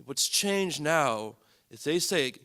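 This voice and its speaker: A man's voice: fairly high pitch, animated, slow pace, bright, forceful tone. A man, a psychiatrist, giving an earnest, emphatic public talk to an audience, stressing his points by repeating them. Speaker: psychiatrist speaking at a lecture event.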